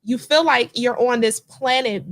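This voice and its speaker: Woman host, Midwestern accent, high-set chatty voice, casual storytelling over a video call. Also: normal speed. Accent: Midwestern American. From Midwest US (Cincinnati). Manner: chatty, storytelling, animated asides. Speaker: livestream host. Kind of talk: casual livestream chat.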